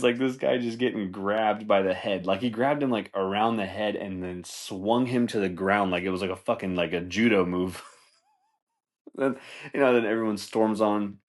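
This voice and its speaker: A man hosting a podcast, telling fight stories in a casual, profane, rambling way with frequent laughter. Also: fairly low pitch. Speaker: podcast host. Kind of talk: casual comedic commentary.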